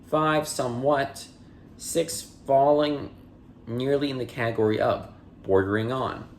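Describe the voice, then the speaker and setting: Male podcast host reading a dictionary aloud: steady word-by-word cadence, casual asides, mid-pitched voice, echoey room. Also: a little slow, a little hiss or hum. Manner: reads entry word, part of speech, then definition in a steady cadence; chatty and apologetic in asides. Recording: roomy echo.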